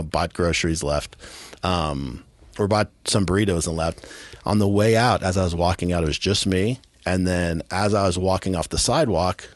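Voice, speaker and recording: A man from California with a very low voice tells a rough story flatly and bluntly as a podcast guest, swearing casually. The recording is dry and close, with no room sound around him. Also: dry recording. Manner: blunt, profane, matter-of-fact storytelling with streetwise grammar. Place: podcast studio.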